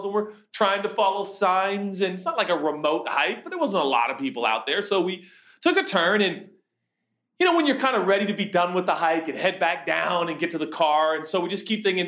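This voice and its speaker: A man in his forties, a pastor, preaching a sermon with lively storytelling and acted-out shouts. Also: high-pitched, fairly quick, roomy sound. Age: 40s. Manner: storytelling, animated, acts out his own shouts.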